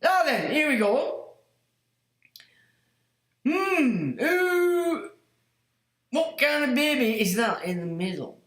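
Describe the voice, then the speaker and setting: A man's voice: extremely high pitch, sing-song, takes it slowly, pauses often, fairly bright tone, roomy sound. A man hosting a livestream, exclaiming and mocking as he comments. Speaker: livestream host.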